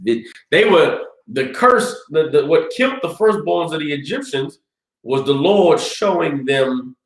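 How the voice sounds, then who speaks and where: A man teaching a scripture class, telling the story in a lively way and acting out screams and cries. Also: fairly high pitch, a little slow, echoey room, low-quality recording. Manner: animated storytelling, acts out screams.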